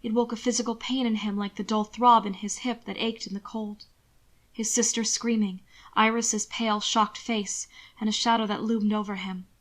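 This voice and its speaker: A woman reads a novel aloud in a soft, even voice at a steady storytelling pace. Her pitch sits in a middle range and she keeps her delivery gentle throughout. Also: normal speed. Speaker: audiobook narrator. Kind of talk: scripted narration of a novel.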